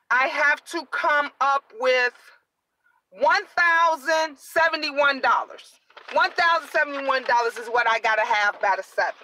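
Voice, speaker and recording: A middle-aged woman live-streaming to her viewers, excited and preachy, urging them to keep praying. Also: high voice, low-quality recording. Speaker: vlogger.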